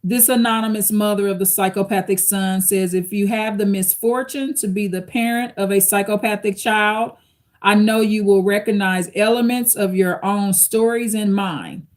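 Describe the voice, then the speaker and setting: A female channel host goes through an article on her live stream, reading quotes aloud and chatting about them with "y'all" watching. She speaks at a moderate pace, medium pitch, with fairly even intonation.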